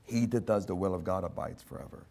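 A man preaching a sermon, fervent and repetitive, who swings from hushed asides to loud emphatic lines and calls his listeners "my friend.". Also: low voice, fast, gravelly. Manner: speaks directly to listeners as "my friend".

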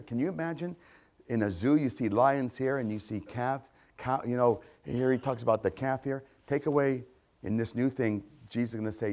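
A middle-aged man preaching a sermon, repeating key phrases and swinging between loud declarations and hushed asides. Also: mid-range voice, normal speed.

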